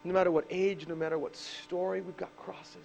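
A man preaching a sermon to a live congregation, swinging between loud emphatic bursts and hushed asides. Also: high voice, flat delivery, fairly quick, gravelly, a little hiss or hum. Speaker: pastor. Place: church service with a live congregation.

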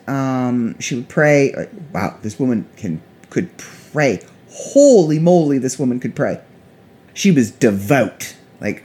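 A woman's voice: low voice, darkish tone. A middle-aged woman telling a long, rambling personal story in a chatty, casual way, with frequent restarts.

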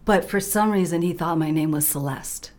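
A woman's voice: on the low side, moderate pace. A woman co-hosting a radio show, telling funny stories in casual chat and laughing often. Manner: animated storyteller, laughs often. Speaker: radio co-host.

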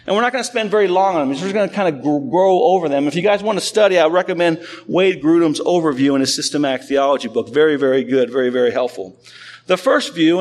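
Man preaching, slightly high voice. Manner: conversational, animated storytelling preaching. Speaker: pastor. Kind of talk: sermon.

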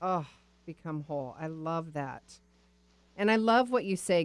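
A woman hosting an interview, warmly encouraging, with many short affirmations. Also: low-pitched, expressive, measured pace. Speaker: interview host. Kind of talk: conversational interview.

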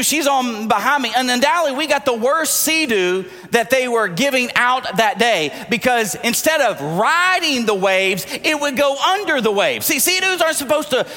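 Man, 40s, pastor, high bright voice, animated storytelling sermon, long hall reverb. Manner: animated, jokey storyteller who acts out dialogue.

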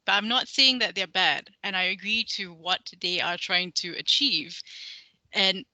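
Woman co-host on a chat podcast, super bright voice, lots of uh and restarts. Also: mid-range voice, unhurried, no room sound, rough recording. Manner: hesitant, many fillers and restarts, laughs it off. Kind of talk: casual chat.

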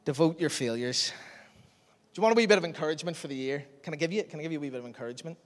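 A man preaches, slipping into loose asides and quick laughs at his own expense. His voice sits a little high, and the words carry a long reverb through a big church hall. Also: expressive. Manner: chatty, self-deprecating, laughs often. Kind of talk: sermon.

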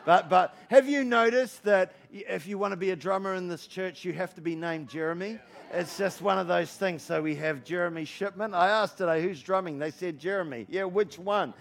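High-voiced gravelly preacher. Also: male voice, moderate pace, few pauses. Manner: energetic, joking, repeats rhetorical questions. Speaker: pastor. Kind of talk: sermon. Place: church hall.

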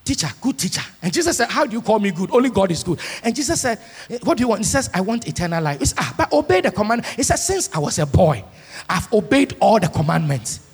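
A pastor preaching a sermon, moving from soft asides to shouted, sung-out lines. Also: male voice, sits high, sing-song, fast, breathy edge. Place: large church hall. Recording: long church hall reverb.

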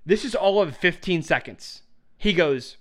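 A man's voice: high voice, lively intonation, measured pace, fairly bright tone. A young man co-hosting a podcast, telling a long story in casual chat, rambling, swearing and laughing as he goes. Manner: rambling, profane, laughs through his story. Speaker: podcast co-host.

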